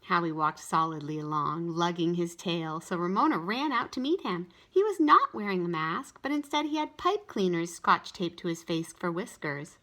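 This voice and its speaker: A woman tutor reading a children's storybook aloud in an expressive way. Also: fairly low pitch, moderate pace. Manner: expressive, animated.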